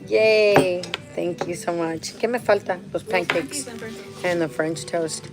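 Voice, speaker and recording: Loud music plays behind a woman vlogging in a restaurant, her lowish voice moving at a normal pace. She rambles casually, restarts often, laughs a lot and drops in phrases in Spanish.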